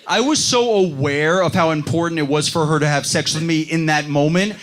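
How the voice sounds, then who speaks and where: A young man doing a stand-up comedy set on a club stage, telling self-mocking stories with animated delivery. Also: fairly high pitch, fairly quick. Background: audience laughter.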